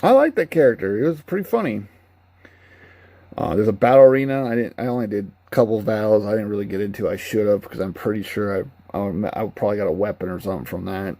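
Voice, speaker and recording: Gravelly-voiced man giving a rambling review. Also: on the low side, fairly even intonation, fast, hardly any pauses, mellow, no echo. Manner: rambling, candid, laughs at his own retellings. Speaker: game reviewer. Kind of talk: casual spoken review.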